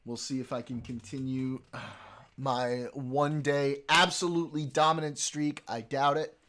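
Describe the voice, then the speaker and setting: A man's voice: medium pitch, level tone, normal speed, fairly bright tone. A man streaming live, chatting casually with his viewers, joking, swearing and laughing often.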